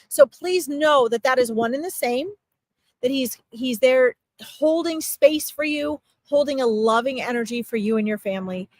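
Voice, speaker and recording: High-pitched lady doing a psychic reading on a stream, chatty and reassuring, dry close sound. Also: no room sound, rough recording. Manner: reassuring, chatty, often checks in with "okay?". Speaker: psychic medium. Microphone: streaming mic.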